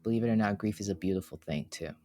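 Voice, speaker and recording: A podcast co-host talks in an earnest, heartfelt way during a casual, reflective conversation, often restarting his sentences. His voice is on the low side and dark in tone. He speaks very fast.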